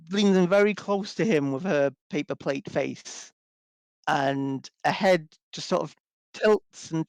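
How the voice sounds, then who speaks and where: A man's voice: fairly high pitch, clean tone, no echo. Man narrating a tabletop game. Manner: rambling with many fillers. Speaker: game master.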